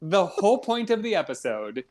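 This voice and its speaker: A man's voice: sits high, sing-song, normal speed, a little mellow. A young man co-hosting a casual gaming podcast, a chatty storyteller who acts out both sides of a conversation. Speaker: podcast co-host.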